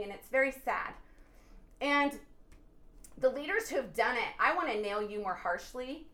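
A woman on a podcast sharing an animated faith testimony, earnest and preachy, often bursting into laughter and exclamations. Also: fairly high pitch. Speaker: podcast guest. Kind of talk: excited faith testimony chat.

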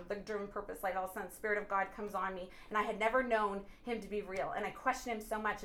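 A woman on a podcast sharing an animated faith testimony, earnest and preachy, often bursting into laughter and exclamations. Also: mid-range voice. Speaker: podcast guest. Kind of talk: excited faith testimony chat.

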